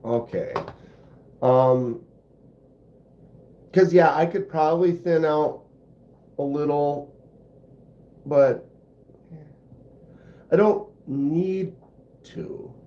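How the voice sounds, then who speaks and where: A man hosting a relaxed livestream who talks slowly and rambles, poking fun at himself as he goes. His voice sits in a roomy space with some echo. The sound is a little dull. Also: on the high side. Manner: rambling, self-deprecating, chatty. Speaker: host of a knife channel livestream. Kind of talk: casual livestream chat.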